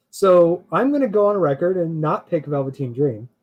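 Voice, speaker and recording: A man with a notably high voice co-hosts a relaxed chat, talking in a loose, rambling way. He laughs easily and hedges his picks as he thinks out loud. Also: measured pace, highs cut off. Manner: laughs often, hedging and rambling. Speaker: podcast co-host. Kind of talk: casual chat.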